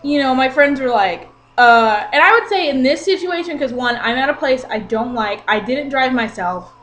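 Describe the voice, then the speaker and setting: A woman in her twenties telling an exasperated story in a casual vlog rant, animated and talking with her hands. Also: high-pitched, normal speed. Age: 20s. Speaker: vlogger.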